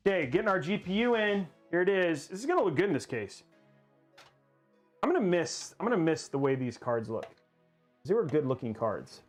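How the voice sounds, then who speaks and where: A man hosting a casual livestream while building a PC, excitable and rambling as he hypes the viewers' goals. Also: a little high, moderate pace, faint music behind.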